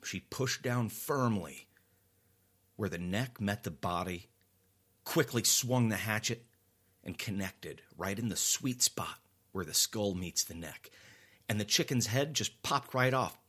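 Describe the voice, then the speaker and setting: A man tells a horror story in a fairly low voice. He reads it in a deliberate, dramatic way and drops to a near-whisper when the story turns grim. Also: animated, breathy edge. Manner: dramatic, slow and hushed at tense moments. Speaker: narrator. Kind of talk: scripted horror story narration.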